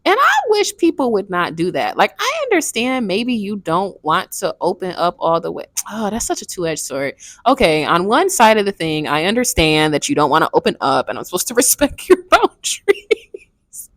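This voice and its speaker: Twenties woman, casual book-review vlogger, swings up and down in pitch, candid and rambling. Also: sing-song, moderate pace, fairly bright tone, no room sound, studio quality. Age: 20s. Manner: frank, rambling, swears casually.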